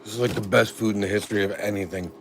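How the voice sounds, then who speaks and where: A man's voice: lowish voice, fairly even intonation, very fast, slight background noise. A middle-aged father chatting casually on a family live stream, a rambling storyteller full of "like" fillers.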